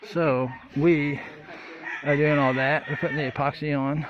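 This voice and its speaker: Folksy rambling man, casual shop walkthrough, muffled lo-fi sound, loud roosters and traffic behind. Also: on the high side, level tone, measured pace. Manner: folksy, rambling, many fillers. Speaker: vlogger building a boat.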